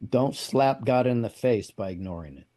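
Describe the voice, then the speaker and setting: Male host, warm dark voice, casual talk-show chat. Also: mid-range voice, animated, normal speed.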